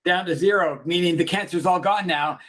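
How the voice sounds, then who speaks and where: A man's voice: high-pitched, fairly quick, fairly bright tone. A man co-hosting a casual chat who rambles through a comedy retelling, laughing often and acting out the lines. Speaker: podcast co-host.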